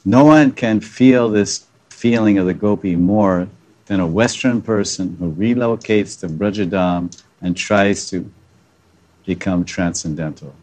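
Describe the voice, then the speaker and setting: A man's voice: low voice, unhurried, a little mellow. A man giving a devotional lecture as a spiritual teacher, chuckling at his own jokes and acting out the voices of the people he quotes.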